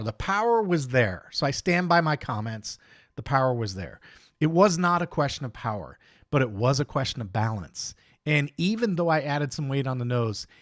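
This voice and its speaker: A man's voice: on the high side, no echo, clean studio sound. A man hosting a live radio-control hobby stream, chatting casually and greeting viewers one by one in an upbeat way. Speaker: host of a live RC hobby show. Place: home studio desk.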